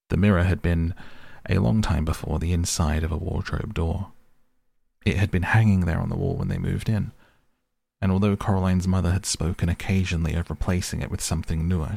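A man reading a story aloud in a measured, storytelling manner. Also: low voice, creaky, a little mellow, no room sound. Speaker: narrator. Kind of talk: audiobook narration.

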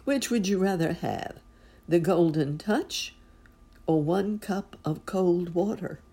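A wise and mysterious stranger questions calmly in a low, dark, husky voice, as a woman narrating puts him on. Each line is measured and quiet. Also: full character voice. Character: smiling mysterious male stranger, wise and calm.

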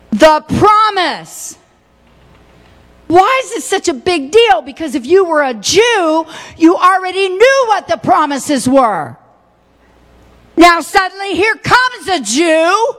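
A middle-aged woman preaching a sermon, switching between folksy asides and fiery shouting. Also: extremely high pitch. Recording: long hall reverb.

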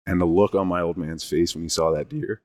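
A man casually telling a long story in an animated, rambling way, often restarting his sentences. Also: low-pitched, a little fast, dry recording. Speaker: guest telling a hunting story.

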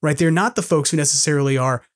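A man's voice: a little high, fast talker. A man hosting a podcast, chatting casually and agreeably, often trailing off. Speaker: podcast host. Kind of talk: casual chat.

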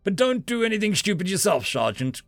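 A man voicing a brisk woman military officer who gives orders in a firm, dry way. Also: high voice, big pitch swings, creaky, no room sound, soft background music, voice pushed up, exaggerated voice.

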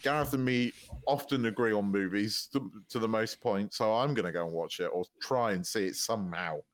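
A man co-hosting a casual podcast, speaking in a measured, thoughtful way. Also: fairly low pitch, no echo. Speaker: podcast co-host.

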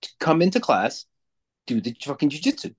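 A man's voice: fairly high pitch, brisk, slightly rough. Blunt, swearing man coaching talk. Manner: blunt, profane, animated. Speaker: podcast co-host; jujitsu kids' class coach. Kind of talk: casual chat.

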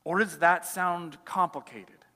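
A pastor preaching a sermon in a casual, conversational way, full of "like" fillers, swinging between loud emphasis and quiet asides. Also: male voice, fairly high pitch, slow pace, in a large hall.

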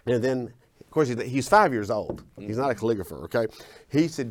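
Southern man, mid-pitched, lively storyteller who acts out his lines. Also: fairly quick. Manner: acts out his own quoted lines with big pitch swings. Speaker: guest, former minister. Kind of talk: animated personal storytelling.

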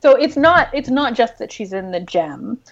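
A woman novelist talking casually about her writing, animated and excited, with many fillers. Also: on the high side, moderate pace, vocal fry, dull audio. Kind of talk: casual podcast chat.

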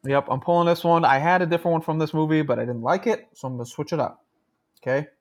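A young man co-hosting a casual podcast, joking around and getting excited with his friend. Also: a little high, quick pace. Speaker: podcast co-host. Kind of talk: casual chat.

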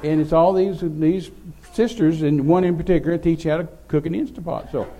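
An older man tells a long, rambling story from the pulpit, chuckling as he goes. His voice sits a little high for a man, with a gravelly edge and a dark, mellow tone. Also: fairly even intonation, normal speed, dull audio. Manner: folksy, rambling, laughing storyteller. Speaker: preacher. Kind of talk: sermon storytelling.

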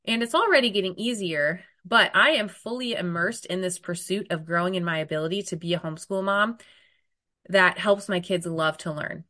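A woman in her thirties coaching an online group on weight loss, talking bluntly and often checking in with "okay?", a little hoarse from a cold. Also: on the low side, normal speed, bright, forceful tone. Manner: direct, emphatic, frequent "okay?" check-ins. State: getting over a cold, occasional cough.

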